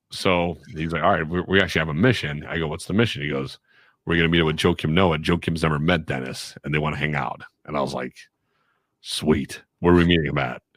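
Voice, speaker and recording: A man with a very low, deep voice tells stories in a relaxed, chatty way, slipping into voiced quotes of the people involved. The sound is dry and close, with no room around it. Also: quick pace, no echo. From Chicago area. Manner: animated anecdote-telling with voiced quotes. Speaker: guest voiceover artist and radio personality. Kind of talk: casual storytelling chat.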